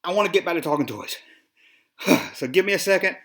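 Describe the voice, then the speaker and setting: A man's voice: high-pitched, fairly quick, fairly bright tone. A man from the Southern US with a Southern accent, rambling and ranting on a solo podcast, often sighing. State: dry mouth. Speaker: toy collector podcast host.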